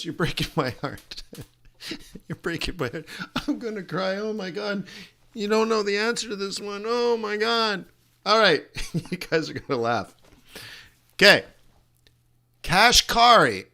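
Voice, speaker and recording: A middle-aged man runs a live trading lesson in a high, bright voice. He is animated and jokey, teasing his viewers, trailing off into laughs and restarting his sentences. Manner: rambling, with frequent laughs and restarts. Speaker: forex trading instructor and host.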